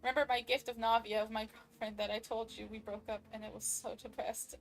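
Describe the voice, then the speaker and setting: A woman's voice: mid-range voice, steady tone, fairly quick, a bit bright. A woman streaming a game live, chatting bubbly with her viewers and laughing often. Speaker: VTuber streamer. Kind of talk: casual live-stream chat while gaming. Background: faint background music.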